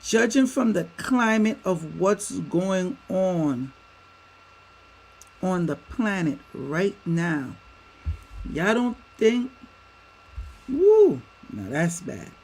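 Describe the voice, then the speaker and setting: A man's voice: high voice, animated, drawn-out words, a little mellow, low-quality recording. A man hosting a livestream, speaking emphatically to his viewers and firing off rhetorical questions. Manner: addresses viewers as y'all. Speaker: livestream host. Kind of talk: livestream commentary. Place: home setup with a green screen.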